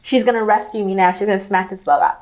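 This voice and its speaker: A woman co-hosting a podcast, telling an animated, profanity-laced story full of "like" fillers in casual chat. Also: mid-range voice, fast talker, lo-fi sound. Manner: animated, swearing, lots of "like" fillers. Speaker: podcast co-host.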